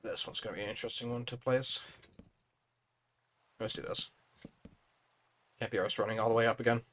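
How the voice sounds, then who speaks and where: Young guy, laid-back live-stream builder, chatty and unhurried, talks to himself as he works. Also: mid-range voice. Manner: relaxed, thinking aloud with fillers.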